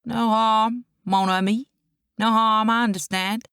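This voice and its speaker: A woman's voice: fairly high pitch, steady tone, measured pace, a bit bright, smooth, no echo, studio quality, voice pushed up. Lady putting on a greasy cajun carnival guy, slick and wheedling, voice pushed up a bit. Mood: apologetic. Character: greasy shirtless male carnival game vendor, sly.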